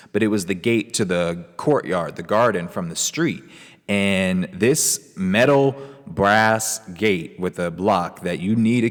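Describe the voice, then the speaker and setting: A man's voice: deep voice, in a large hall. Laid-back man telling a spooky tale. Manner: rambling, laid-back, lots of fillers. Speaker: podcast host. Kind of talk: casual storytelling.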